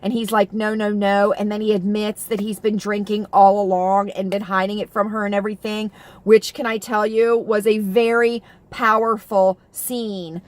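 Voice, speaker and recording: A woman's voice: medium pitch, flat delivery, normal speed. Chatty, rambling middle-aged woman. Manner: chatty and rambling, with many fillers and restarts; gushing and emotional about TV shows. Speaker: vlogger. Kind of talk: casual chat to camera.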